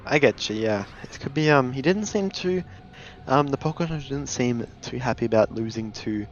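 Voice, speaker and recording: Male caster, lively up-and-down delivery, hesitant ums, slightly muffled audio. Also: medium pitch, moderate pace, slight background noise. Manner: animated, hesitant with many ums, laughs easily. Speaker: esports caster. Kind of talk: casual live game commentary.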